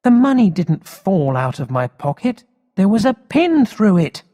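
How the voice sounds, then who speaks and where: A man reading aloud, voicing an eager, polite young schoolboy in a raised boyish pitch. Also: sing-song, unhurried, warm tone. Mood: indignant. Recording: long hall reverb.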